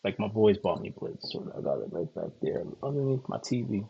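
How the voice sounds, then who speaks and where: A man from Connecticut in a long, casual monologue, loose and profane, circling back over the same points. His voice sits a little low and sounds husky. The recording is dull and lo-fi. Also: very animated, a little fast. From Connecticut, USA. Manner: loose, profane, repetitive storytelling with many fillers. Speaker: streamer host.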